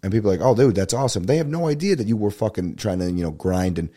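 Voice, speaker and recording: A young man hosting a podcast, rambling in a profane, animated monologue that jumps up in pitch when he gets riled. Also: fast talker. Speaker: podcast host and stand-up comedian. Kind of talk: casual monologue.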